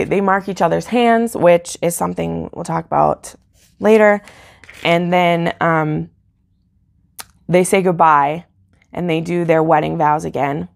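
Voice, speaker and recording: A woman with a low, heavily gravelly voice talks through a book review on her channel. She rambles and gets emotional, filling her sentences with little hesitations. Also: steady tone, takes it slowly, pauses often. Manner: rambling and emotional, heavy on fillers like "like" and "um". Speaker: book YouTuber. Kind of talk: casual book review chat.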